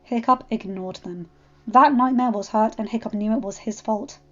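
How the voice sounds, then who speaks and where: A woman narrating a fan fiction story as a storybook reading, with expressive delivery. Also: on the high side, moderate pace. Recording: slightly muffled, faint background music.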